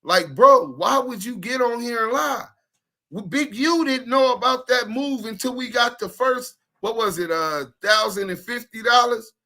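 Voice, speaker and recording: A fairly high, bright male voice with a forceful edge. He co-hosts a podcast in casual talk, addressing people bluntly and confronting them with street slang. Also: moderate pace. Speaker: podcast co-host.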